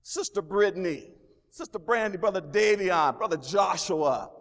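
A man's voice: sits high, expressive, normal speed, fairly bright tone. A man preaching a sermon as pastor, with exclamations of praise and repeated phrases. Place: church sanctuary. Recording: long reverb of a large hall.

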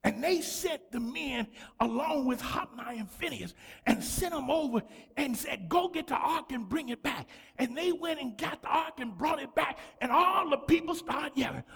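A man preaching a sermon to a church congregation, fervent and repetitive, often breaking into shouts. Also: very high voice, gravelly. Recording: long hall reverb.

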